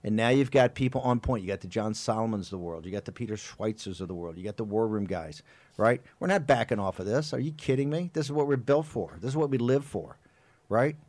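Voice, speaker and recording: A man's voice: fairly low pitch, expressive, fast talker, a little mellow, dry recording. A man hosting a political talk show, delivering an impassioned, rambling monologue full of emphatic repetition. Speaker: host.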